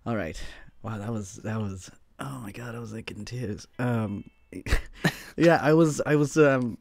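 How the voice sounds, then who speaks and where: A man's voice: medium pitch, measured pace, vocal fry, no echo. A man hosting an improv game stream, talking in a casual, rambling way with frequent restarts and stumbles. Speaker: host. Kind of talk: casual chat.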